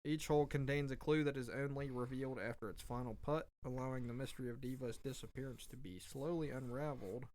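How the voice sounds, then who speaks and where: A man's voice: mid-range voice, fairly even intonation, quick pace, few pauses, darkish tone. A man co-hosting a casual podcast, reading an article aloud playfully and laughing between phrases. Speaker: podcast co-host.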